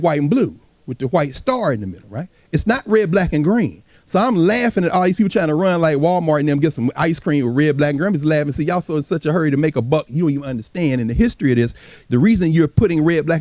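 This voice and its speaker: This is a man lecturing on history before a live audience, his voice pitched high and bouncing all over its range. He talks in a loose, casual way, addresses the crowd directly and slips into voices from the past. The sound is close and dry, with almost no room echo. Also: darkish tone. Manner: casual, colloquial speech.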